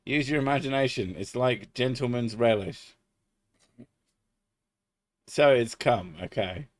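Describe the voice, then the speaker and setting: A man's voice: mid-range voice, measured pace, no echo. A man chatting casually on a live stream, swearing freely and laughing often.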